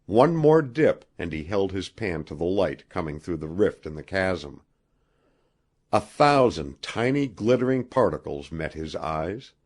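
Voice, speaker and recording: A man reading an adventure novel aloud as an audiobook narrator, with expressive storytelling. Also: sits low. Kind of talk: scripted narration.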